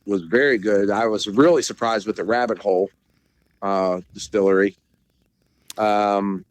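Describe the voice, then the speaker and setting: A man's voice: on the low side, dry recording, rough recording. A middle-aged man from Maryland, a podcast guest chatting casually and telling rambling stories full of restarts. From Maryland, USA. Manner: rambling storyteller, many restarts and fillers. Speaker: podcast guest, bus seller. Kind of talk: casual chat.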